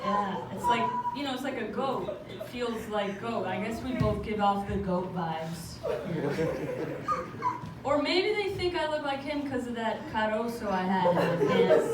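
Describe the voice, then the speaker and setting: A woman performing stand-up in a club, chatty and laughing along with her own punchlines. Her voice booms around a very echoey room from a little off the mic. A loud crowd hum sits under everything. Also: lively intonation, unhurried, distant mic. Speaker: stand-up comedian. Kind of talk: stand-up comedy set. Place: comedy club stage. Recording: very echoey club, noisy audience ambience.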